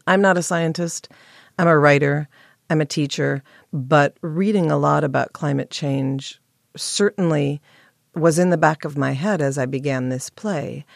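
A woman playwright, hoarse with morning voice, clearing her throat and answering interview questions thoughtfully with pauses and restarts. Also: deep voice, no room sound, studio quality. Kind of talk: interview guest.

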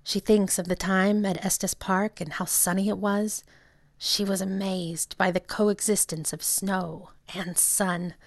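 A woman reading a short story aloud in calm, unhurried scripted narration. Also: medium pitch, no echo, clean studio sound. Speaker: story reader.

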